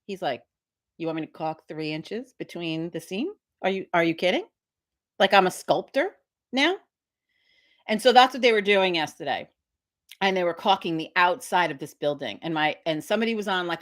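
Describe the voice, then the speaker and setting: A middle-aged woman hosts a casual morning livestream and chats in a rambling, profane way. Her voice sits a little on the low side for a woman. She drops into quoted voices as she tells her stories. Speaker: host of a live witch community stream.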